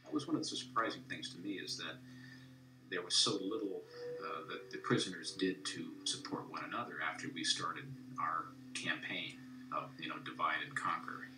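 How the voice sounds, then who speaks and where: A man's voice: low-pitched, moderate pace. An older man in a documentary interview, recalling his part in a study in a candid, matter-of-fact way. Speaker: former study participant. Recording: roomy, from a distance.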